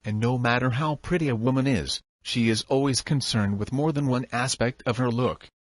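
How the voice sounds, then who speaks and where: A man's voice: mid-range voice, moderate pace, no echo. Man narrating an audiobook, dry sound. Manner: even, instructive reading.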